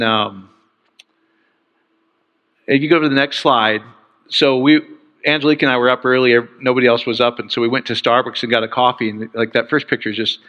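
A man's voice: medium pitch, pushed and bright. A man preaching a sermon in an enthusiastic, conversational way. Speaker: pastor. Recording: dull sound with long hall reverb.

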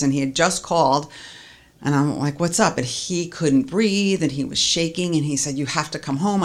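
A woman earnestly recounting a personal story as a testimony, stringing events together with "and". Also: deep voice.

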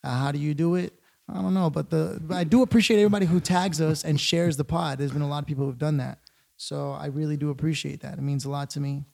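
A male podcast co-host with a gravelly, slightly high voice. He talks in a blunt, profane, encouraging way, casual and loose. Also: fairly even intonation, fast talker, darkish tone.

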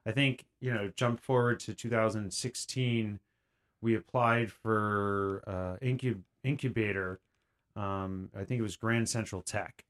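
A man's voice: lowish voice, fairly even intonation, unhurried, a bit bright. A man, guest on a podcast, telling his story in a rambling way with many fillers and restarts. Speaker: guest creator. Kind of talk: casual podcast conversation.

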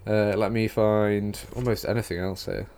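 A man's voice: fairly low pitch, flat delivery, normal speed, darkish tone, smooth. A young man with a Yorkshire accent hosting a casual podcast chat, rambling with lots of fillers and teasing his guests. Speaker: podcast host.

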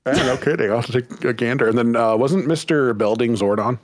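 A man's voice: mid-range voice, a little fast, dry recording. A man in his forties, a podcast guest, chatting casually and swearing freely. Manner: laid-back, profane. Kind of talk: casual chat.

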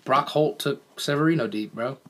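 A man's voice: mid-range voice, normal speed, very noisy. A man co-hosting a casual sports podcast, brash and jokey with lots of slang. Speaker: podcast co-host.

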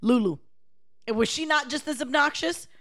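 A woman's voice: high-pitched, a bit bright. A woman chatting casually with friends, teasing them and swearing freely. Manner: teasing, profane, quick comebacks. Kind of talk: casual chat.

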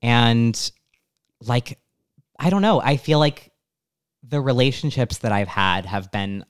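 A young adult speaks in relaxed, halting conversation, peppering almost every phrase with "like". The voice is smooth and clear, at a middle pitch. The sound is close and dry, with no room around it. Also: no echo. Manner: halting, full of "like" fillers. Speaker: podcast guest. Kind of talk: casual chat.

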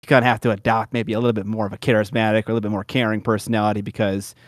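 A man's voice: on the low side, flat delivery, racing, dry recording, clean studio sound. A man chatting casually about tabletop and miniature war games, laid-back and jokey. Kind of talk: casual conversation.

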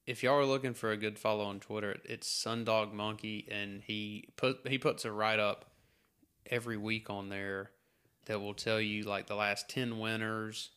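A man with a lowish but bright, forceful voice co-hosts a casual podcast. He talks in an easygoing way and keeps nudging his partner along. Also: little pitch movement, normal speed, clean tone. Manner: easygoing, prompting his co-host. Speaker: podcast co-host. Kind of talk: casual chat.

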